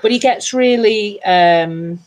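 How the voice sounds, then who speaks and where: A woman's voice: medium pitch, takes it slowly, darkish tone. A woman in a casual book discussion, explaining her ideas at length and thinking aloud.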